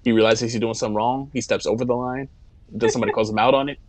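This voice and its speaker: A man's voice: mid-range voice, fairly even intonation, racing, a little hiss or hum. A man playing a tabletop game, joking and teasing the others. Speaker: player. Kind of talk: casual chat.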